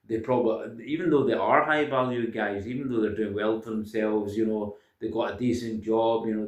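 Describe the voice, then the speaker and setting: Speaking in a fairly low voice that sounds reverberant and far from the mic, a man lectures his viewers insistently on self-improvement. He keeps saying "guys" and often stalls with ums and uhs in this casual talk to the camera.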